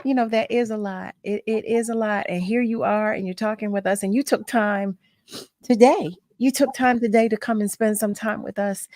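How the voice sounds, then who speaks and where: A woman's voice: mid-range voice, steady tone, moderate pace, a little mellow, no echo. Effusive woman radio host, dry sound. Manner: effusive and emotional, heartfelt thanks. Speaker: radio talk show host. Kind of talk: on-air interview wrap-up.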